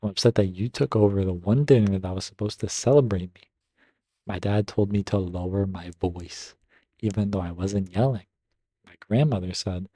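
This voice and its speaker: A man's voice: on the low side, dark tone, no echo. A man reading a drama story aloud and breaking off to react with upbeat asides. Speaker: Reddit story reader and gaming commentator. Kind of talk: reading stories aloud with casual commentary.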